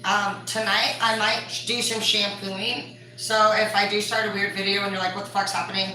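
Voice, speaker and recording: A woman's voice: mid-range voice, level tone, moderate pace, bright, forceful tone. A woman chatting casually while she cooks, laughing and swearing, full of "like" fillers. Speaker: vlogger. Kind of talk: casual chat while cooking. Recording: echoey room from far off.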